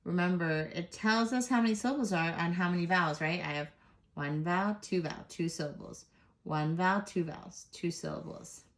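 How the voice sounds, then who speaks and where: A woman teaching a first grade phonics lesson, sounding out letters slowly and patiently and praising the class. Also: fairly low pitch, slight background noise.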